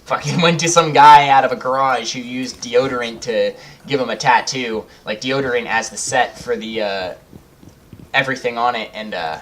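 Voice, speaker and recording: A man's voice: mid-range voice, moderate pace, a bit bright, slight background noise. Rambling young man telling a story. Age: young adult. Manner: rambling, swears freely, laughs through the story. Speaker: gaming channel host. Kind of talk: casual storytelling over gameplay.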